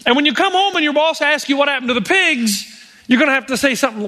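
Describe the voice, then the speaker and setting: A man's voice: very high voice, fast talker, pushed and bright. A male pastor preaching a sermon, telling stories with acted-out quotes and wry humor.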